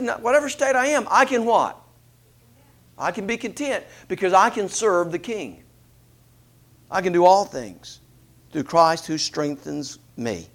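A man preaching a sermon, asking rhetorical questions in an animated delivery. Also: sits high.

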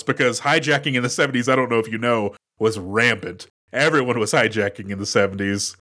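A man co-hosting a casual movie podcast, recapping the plot in an animated way with acted quotes. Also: medium pitch, a little fast, hardly any pauses. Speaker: podcast co-host.

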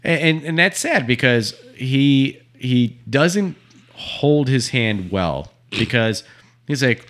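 A man's voice: mid-range voice, slow pace. Podcast guy, regular voice, chill, going over what happened. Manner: relaxed, recaps the plot. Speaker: podcast co-host. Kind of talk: casual podcast chat.

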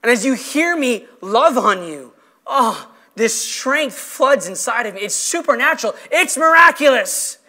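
Male pastor, very high voice, sermon, impassioned and emphatic, slow stressed phrases. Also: very animated, pushed and bright. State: emotional.

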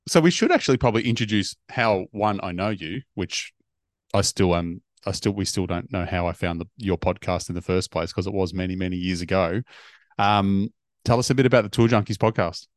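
Man, Australian accent, very low pitch, dry close sound, easygoing host. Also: a little fast, no room sound. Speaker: podcast host. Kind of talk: casual podcast chat.

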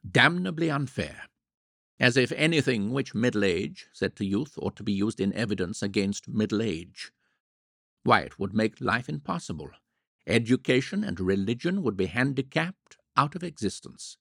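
A man reading a novel aloud in a wry, measured storytelling manner. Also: lowish voice, expressive, gravelly, a bit bright, husky, no echo, studio quality. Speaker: audiobook narrator. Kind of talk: scripted narration.

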